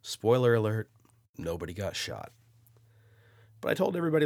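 A man with a lowish voice tells a personal story on his podcast in a loose, chatty way. He swears freely and breaks in with quick asides. The recording is dry and close. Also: dry recording. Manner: animated, profane, lots of asides. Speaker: podcast host. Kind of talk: casual storytelling.

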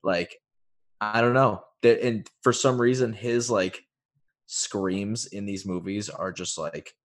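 A man's voice: fairly low pitch, takes it slowly. A man co-hosting a podcast, laid-back and critical, filling his talk with "like". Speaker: podcast co-host. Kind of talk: casual chat.

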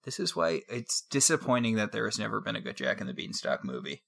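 Podcast co-host, mid-pitched voice, dry wry humor in casual chat. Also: huge pitch swings, quick pace, gravelly, fairly bright tone.

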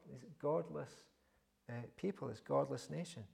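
Gravelly, husky-voiced male preacher. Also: mid-range voice, darkish tone. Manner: earnest, halting delivery with frequent "uh" and repeated words; reads scripture aloud with rising emphasis. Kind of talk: evening sermon on a scripture passage.

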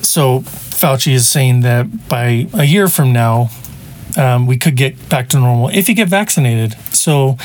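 A man hosting a podcast, talking in a rambling, conversational monologue with asides. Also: mid-range voice. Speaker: podcast host. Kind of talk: casual opinion monologue.

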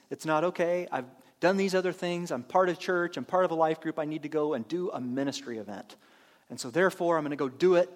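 A man's voice: a little high, in a large hall. A man preaching a conversational sermon as pastor in a church, now and then acting out imagined churchgoers. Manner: conversational, acts out imagined churchgoers in quick asides. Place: church sanctuary.

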